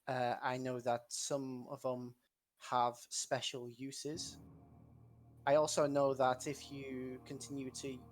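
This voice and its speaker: A man speaking in character in a tabletop game, hesitant with many pauses. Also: medium pitch, little pitch movement, faint music behind. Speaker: player.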